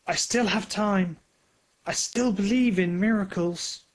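A man voicing a frightened, stubborn old car in a storybook reading, with loud pleading cries. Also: high voice, lively intonation, takes it slowly, exaggerated voice. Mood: defiant.

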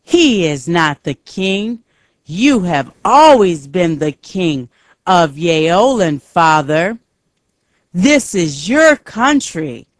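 A woman reading the lines of an angry young prince in a storybook, slowly and carefully, a little higher and louder than her narration. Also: big pitch swings, no echo, studio quality, full character voice. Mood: defiant.

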